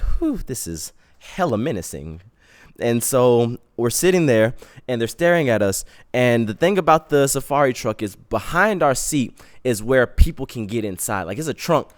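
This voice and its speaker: A young man hosting a podcast, telling a story in a casual, slangy way and acting out the quotes. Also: medium pitch. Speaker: podcast host.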